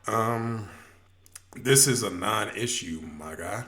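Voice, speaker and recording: Deep, laid-back podcast co-host man. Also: normal speed, sharp tone. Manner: laid-back, hesitant, many "um"s. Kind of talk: casual sports chat.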